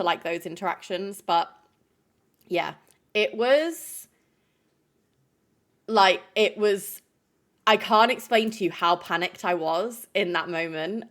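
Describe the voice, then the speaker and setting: A woman's voice: mid-range voice, fairly bright tone. A woman streamer telling chat a stressful story in a rambling, emotional way, full of fillers.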